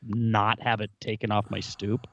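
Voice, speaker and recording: A man's voice: lowish voice, flat delivery, measured pace, dry recording, lo-fi sound. A man co-hosting a podcast over a remote call, chatting casually with dry, wry humor. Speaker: podcast co-host.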